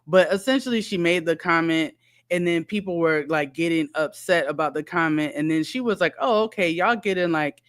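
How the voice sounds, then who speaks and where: Chatty woman host with a smooth voice. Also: low-pitched, brisk. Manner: chatty, laughs between points. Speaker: commentary channel host. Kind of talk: casual commentary.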